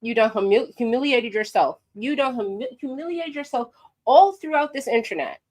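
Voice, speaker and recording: A woman's voice: fairly high pitch, normal speed. Sassy New woman giving her opinion. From New York. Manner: animated, sassy, direct address to viewers. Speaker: commentary vlogger. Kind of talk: opinionated commentary to camera.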